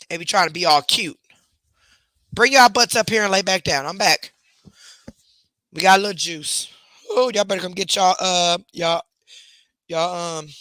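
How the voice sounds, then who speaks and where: A woman's voice: lowish voice, pushed and bright, no echo. A woman hosting a casual livestream from her bedroom at home, chatting with viewers while scolding and coaxing her pets. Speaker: livestream host.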